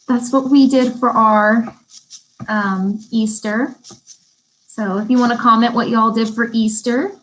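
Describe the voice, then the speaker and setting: A woman's voice: medium pitch, slight background noise, rough recording. A young woman, teaching a beauty school class over a live stream in a chatty way and reading out viewers' comments.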